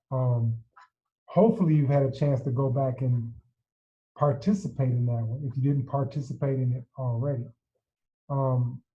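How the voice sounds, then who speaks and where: A man teaching yoga philosophy in a casual video tutorial, relaxed and chatty, often checking in with his listeners and chanting slowly and evenly. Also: fairly high pitch, lo-fi sound.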